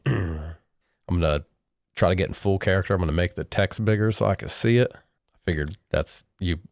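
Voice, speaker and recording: A man with a low voice hosts a casual comedy podcast, asking halting deadpan questions. His voice sits dry and close to the mic. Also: vocal fry, dry recording. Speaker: podcast host.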